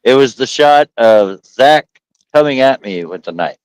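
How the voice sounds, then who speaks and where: A man telling stories on a podcast in a middle-pitched voice. He acts out the quoted lines in his stories. The sound is dry and close. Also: measured pace, smooth, dry recording, rough recording. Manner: animated storyteller, acts out quotes. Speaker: podcast host. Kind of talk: casual podcast chat.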